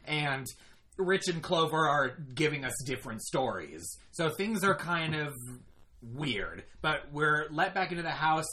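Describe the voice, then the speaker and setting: Bright-voiced young man rambling through a recap. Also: medium pitch. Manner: rambling, self-correcting retelling. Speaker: former player recapping a season. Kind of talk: casual recap chat.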